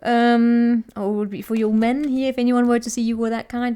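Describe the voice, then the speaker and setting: A woman's voice: fairly high pitch, flat delivery, brisk, few pauses, mellow, smooth. A woman giving a casual, chatty tarot reading to viewers, teasing and laughing as she talks, often restarting her sentences. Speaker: tarot reader.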